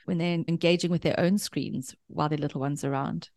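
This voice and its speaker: A woman's voice: low-pitched, fairly even intonation, fairly quick, a little mellow, no room sound. Woman explaining in a dry close-up voice. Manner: explains at length with examples and analogies. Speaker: parenting expert guest. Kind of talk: explanatory interview answers.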